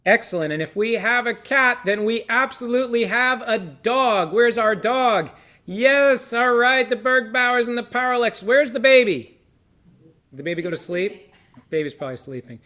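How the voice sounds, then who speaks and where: A man's voice: very high voice, animated, normal speed, pushed and bright. A man leading an online seder, cueing participants in an encouraging, casual way with fillers. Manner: upbeat, encouraging, with frequent fillers. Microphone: video call.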